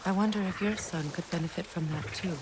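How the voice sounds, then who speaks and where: A woman's voice: lowish voice, fairly quick, noisy background, lightly acted. An actress playing a bitter, sarcastic goddess and grieving mother in a video game, talking in a dry, reflective way.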